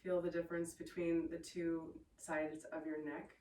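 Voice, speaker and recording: A woman teaching a yoga class, giving calm, encouraging cues with playful asides. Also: low-pitched, moderate pace. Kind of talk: guided yoga class instruction. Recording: echoey room, voice from a distance.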